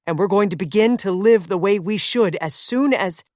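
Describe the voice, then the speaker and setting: A woman voicing a determined man who shouts forceful commands during a rescue on the ice. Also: medium pitch, moderate pace, no room sound, studio quality, close to an everyday voice. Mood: commanding.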